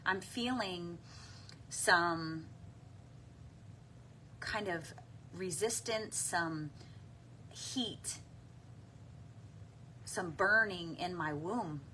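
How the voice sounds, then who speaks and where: Woman, guided tapping meditation, soft and unhurried, deep breaths and sighs, lowish pitch. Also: slight background noise.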